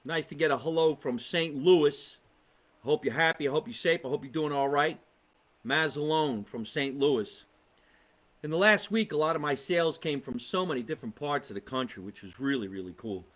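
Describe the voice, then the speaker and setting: A man's voice: on the high side, expressive, normal speed, fairly bright tone. A man with a New Jersey accent, a comedian hosting a casual live podcast, chatting and reading out viewer comments in a rambling way. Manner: chatty, rambling, exasperated asides.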